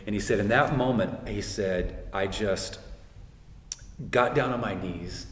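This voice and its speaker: A man's voice: on the low side, normal speed, slight background noise. A middle-aged man earnestly retelling a faith story, full of quoted speech, in casual conversation. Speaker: guest speaker. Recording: roomy hall reverb, faint ambience.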